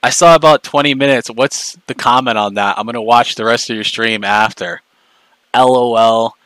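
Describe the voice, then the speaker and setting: A man's voice: medium pitch, steady tone, normal speed, fairly bright tone, smooth, no room sound, rough recording. A man ranting angrily on a livestream, profane, mocking and confrontational. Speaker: streamer. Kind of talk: angry livestream rant.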